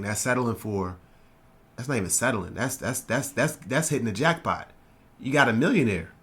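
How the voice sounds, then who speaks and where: A man's voice: mid-range voice, fairly bright tone. A man giving casual reaction commentary, talking things through and repeating himself as he thinks aloud. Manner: conversational, repeats words when thinking aloud. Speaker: commentary host.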